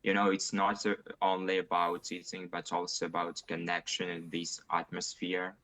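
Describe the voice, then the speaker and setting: A man's voice: deep voice, monotone, fairly bright tone. A man with a Russian accent answering speaking exam questions over a video call, hesitant and full of fillers. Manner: hesitant, many fillers and pauses. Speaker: IELTS test candidate.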